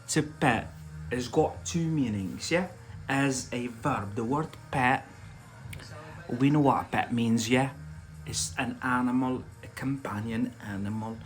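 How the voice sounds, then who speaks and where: A man teaching English in a live lesson, talking very slowly at an average pitch. He explains step by step, hesitates often with fillers and restarts, and keeps checking with a quick "yeah?". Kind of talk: live online vocabulary lesson.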